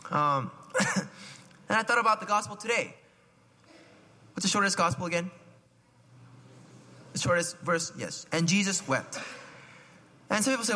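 Bright-voiced man preaching in a reverberant church. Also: high voice, lively intonation, measured pace, pauses often. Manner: chatty, asks the listeners questions, frequent "right?"; clears throat and coughs often. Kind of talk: conversational homily. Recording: long hall reverb.

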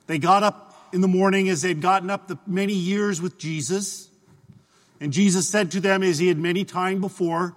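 A man's voice: high voice, fairly even intonation, moderate pace. A man preaching a homily as a priest, talking in a conversational storytelling way that voices people's imagined thoughts. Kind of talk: sermon. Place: church. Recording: reverberant church hall.

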